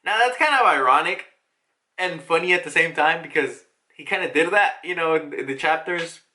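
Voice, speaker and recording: A man casually recapping a comic chapter, excitable and animated, swearing freely as he goes. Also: on the high side, normal speed. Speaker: comic reaction host.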